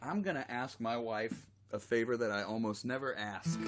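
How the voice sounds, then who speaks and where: A man's voice: medium pitch, moderate pace, hardly any pauses. Chatty man on a music livestream. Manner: chatty, rambling, self-deprecating. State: tickle in his throat, coughing. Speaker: singer-songwriter streaming a live show. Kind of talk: casual chat between songs. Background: guitar music.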